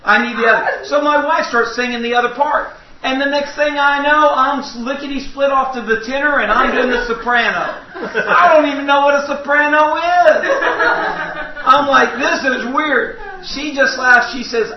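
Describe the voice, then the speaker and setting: A man's voice: very high voice, normal speed, a crowd in the background. A man preaching a sermon in a church, telling folksy, humorous stories. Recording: echoey hall, distant mic, dull sound.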